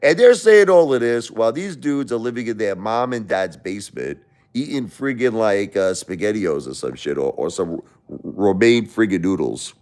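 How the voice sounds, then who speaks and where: A man's voice: on the low side, moderate pace. A man hosting a live stream, ranting in a casual, indignant way and often restarting his sentences. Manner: animated, indignant, rambling with restarts. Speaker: livestream host.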